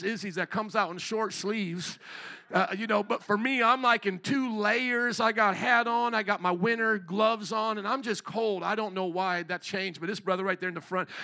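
A man preaching a sermon in church, telling stories and rising to fervent shouts. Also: high-pitched. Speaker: pastor. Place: church sanctuary.

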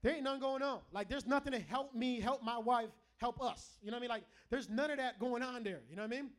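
A man in middle age preaches to a live church congregation with a strikingly high voice. He jokes, teases and calls out to the crowd as he goes. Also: quick pace. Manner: animated, joking, calls out to the congregation. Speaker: pastor. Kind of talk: lively preaching sermon.

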